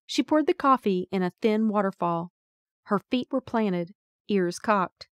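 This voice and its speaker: A woman's voice: mid-range voice, measured pace, no echo, clean studio sound. A woman narrating a first-person audiobook in a wry, folksy storytelling manner.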